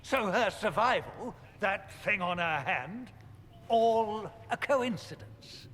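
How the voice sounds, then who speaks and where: A pompous, scornful chancellor. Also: male voice, high-pitched, lively intonation, takes it slowly, fairly bright tone, a little hiss or hum, exaggerated voice. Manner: imperious, scornful. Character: stern pompous male church chancellor. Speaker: stern church chancellor. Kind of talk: video game voice acting.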